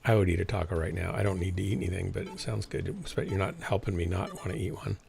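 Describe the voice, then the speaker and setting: Low, gravelly-voiced game streamer. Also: male voice, fast talker, a little mellow. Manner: chatty, rambling, talks to teammates. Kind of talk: casual gaming livestream chat.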